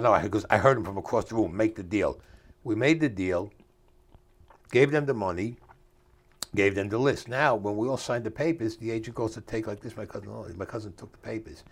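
Older guy telling a story in an interview, low-ish voice, rough street talk, acts out the other people's lines. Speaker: interview guest.

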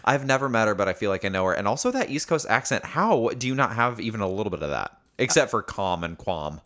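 A man co-hosting a podcast in casual chat, teasing with quick banter. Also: fairly low pitch, sing-song, fairly bright tone. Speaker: podcast co-host.

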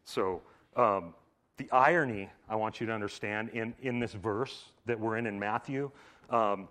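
A man preaching a sermon in a casual, conversational way, filling his talk with "like" and swinging from loud emphatic bursts to hushed lines. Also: on the low side, a little slow. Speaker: pastor. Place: church service.

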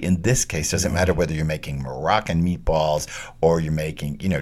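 Man with a real low voice, chatty cooking host, joking around a lot. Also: darkish tone. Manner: chatty, emphatic, playful. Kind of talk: casual cooking chat.

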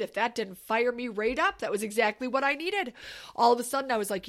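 High-voiced woman telling a story. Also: fairly quick. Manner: animated, emphatic, conversational. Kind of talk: personal storytelling.

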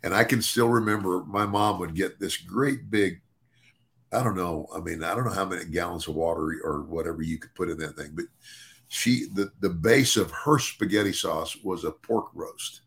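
An older man, a podcast co-host, talking casually in a halting way, with many restarts and repeated words. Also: low-pitched, vocal fry, fairly bright tone. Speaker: podcast co-host and former wrestler.

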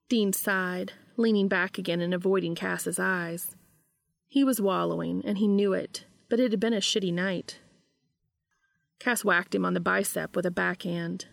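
A woman reading fan fiction aloud in a steady, even storytelling manner. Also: on the low side, normal speed, creaky, no echo, studio quality.

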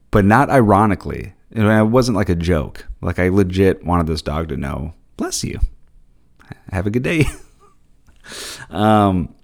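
Deep-voiced man rambling through a story. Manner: rambling, chatty storytelling with animated quoted voices. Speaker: podcast host. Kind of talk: casual solo podcast chat.

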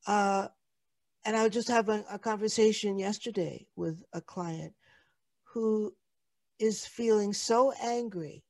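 A woman's voice: medium pitch, fairly even intonation, unhurried, a little mellow. A woman hosting an interview who also coaches clients, reflective and a little hesitant as she responds. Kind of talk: conversational interview.

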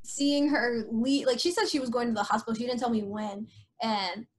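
High-voiced young woman, casual storytelling. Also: normal speed, slight background noise. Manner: frequent filler "like", trailing restarts; voice drops low and soft in sad moments. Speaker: guest sharing a personal story.

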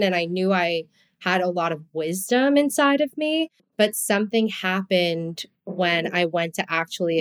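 A woman with a New Jersey accent hosts a casual podcast conversation. She talks openly and expressively, with her voice sitting a little on the low side. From US East Coast. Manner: expressive, heartfelt, frequent "like" fillers. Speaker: podcast host.

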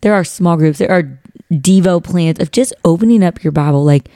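Mellow-voiced woman podcast host. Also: lowish voice, normal speed, dry recording, studio quality. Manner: warm encouraging, says "y'all", gives personal examples. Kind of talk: casual faith podcast chat.

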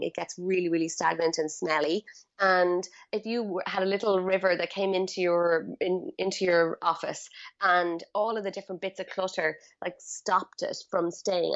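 A woman guest on a podcast interview, explaining feng shui in a chatty, animated storytelling way with many fillers. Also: lowish voice, dull audio.

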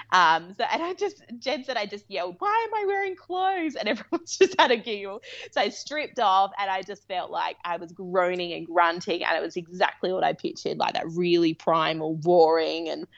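A midwife appears as a guest in a remote interview, telling a personal story candidly and ramblingly while laughing often. Her voice is on the low side and a bit bright, but the remote-call audio sounds dull.

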